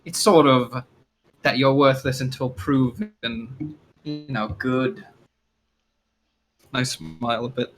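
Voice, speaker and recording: A man's voice: mid-range voice, slow, long pauses, faint music behind, rough recording. A man playing a tabletop game, speaking hesitantly in character as a performer. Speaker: player. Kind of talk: in-character tabletop role-play.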